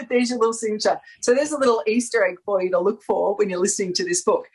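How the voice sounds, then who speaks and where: A woman's voice: mid-range voice, fairly even intonation, fast talker, husky, rough recording. A woman with an Australian accent, chatting enthusiastically on a panel, rambling and laughing often. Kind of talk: casual chat.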